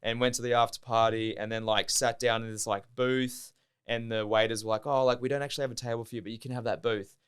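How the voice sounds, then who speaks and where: Rambling young Australian man, smooth voice. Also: mid-range voice, little pitch movement, quick pace. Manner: rambling, heavy use of "like", swears freely. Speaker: podcast guest, diver. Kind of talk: casual storytelling chat.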